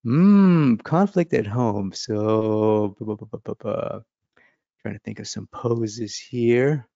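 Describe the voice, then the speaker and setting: Gravelly man chatting through a sketch. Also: on the low side, slow pace, warm tone, no echo, dull audio. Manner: chatty, laughing, thinking aloud while sketching. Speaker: art instructor. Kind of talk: casual drawing lesson.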